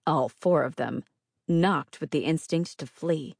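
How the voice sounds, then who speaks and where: A woman's voice: low voice, unhurried, darkish tone, dry recording. A woman narrating first-person fiction as an audiobook reader, with a wry, dry delivery.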